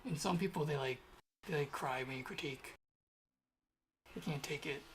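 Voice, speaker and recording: A man's voice: on the high side, normal speed, a little hiss or hum. A young man talking to himself as he codes on a stream, rambling and grumbling in a casual way. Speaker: programmer streaming his coding. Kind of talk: casual thinking aloud while coding.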